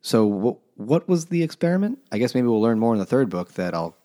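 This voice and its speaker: A man's voice: mid-range voice, very animated, brisk, dark tone. A man co-hosting a podcast, casually and sarcastically recapping a book's plot with plenty of swearing. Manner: sarcastic, profane, mocking the plot. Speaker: podcast co-host. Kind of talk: casual chat, recapping a book.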